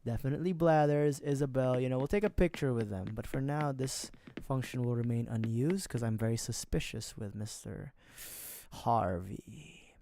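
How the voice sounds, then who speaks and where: A streamer giving relaxed, joking commentary over a cozy game. The voice sits at a middling pitch and often sinks into hushed, conspiratorial mutters. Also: moderate pace, dry recording. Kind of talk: casual gaming livestream commentary.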